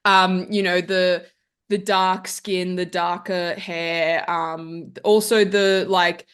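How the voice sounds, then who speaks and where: A woman's voice: fairly low pitch, flat delivery, takes it slowly, a bit bright, smooth. A woman from Central Italy, a podcast guest chatting casually and rambling with many fillers and self-corrections.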